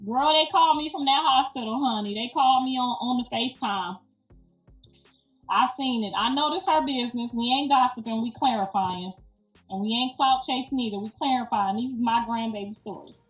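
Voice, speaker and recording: Grandma type lady telling a story all loud and emphatic, cussing, kinda high voice, echoey room, mic far off, faint music behind. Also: a little fast. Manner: animated, emphatic, profane, slangy. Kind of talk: casual storytelling.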